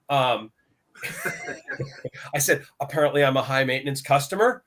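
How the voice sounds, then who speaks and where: A man's voice: mid-range voice, wildly swooping pitch, unhurried, pauses often, fairly bright tone. A man on a market discussion panel, talking casually and retelling his conversations with suppliers in quoted dialogue. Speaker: lumber buyer on a market talk show.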